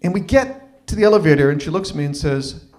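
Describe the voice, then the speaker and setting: At a live open mic venue, a man in his 30s tells a personal story in an animated way, acting out the voices he quotes. His voice is a little high and he talks fast.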